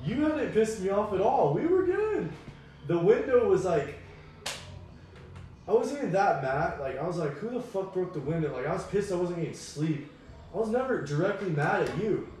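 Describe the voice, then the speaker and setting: A man's voice: high-pitched, big pitch swings, moderate pace, darkish tone, a little hiss or hum. A young man casually explaining himself in a defensive way. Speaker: roommate. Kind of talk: casual chat. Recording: far-off echoey room.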